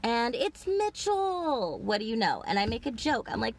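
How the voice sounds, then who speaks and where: A woman's voice: on the high side, sing-song, moderate pace, few pauses. A woman vlogging outdoors in a parking lot, telling a long, rambling, profane story full of fillers. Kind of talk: rambling personal monologue.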